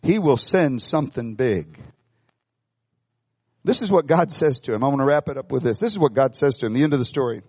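Animated man preaching a sermon. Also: mid-range voice, brisk, breathy edge, long reverb tail. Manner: animated, conversational, asks the congregation questions. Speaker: pastor. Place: church hall with congregation.

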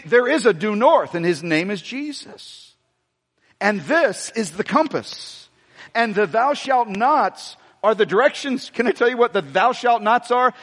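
A man preaching a sermon, animated, repeating himself and speaking straight to the congregation. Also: very high voice. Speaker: pastor. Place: church sanctuary. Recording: long hall reverb from a church sanctuary.

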